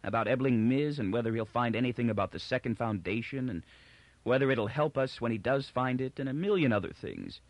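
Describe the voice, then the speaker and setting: A man doing a tired young woman, anxious and evasive, higher voice, lively pitch, dry close sound. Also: normal speed, no room sound. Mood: weary.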